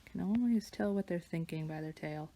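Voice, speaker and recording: A woman with a lowish voice and a gravelly fry chats away as she draws. She meanders from story to story and drops into soft murmurs as she works. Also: normal speed. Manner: chatty and meandering, drifting into soft murmurs while working. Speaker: digital artist and vlogger. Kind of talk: casual chat while drawing. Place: home studio with her dog nearby.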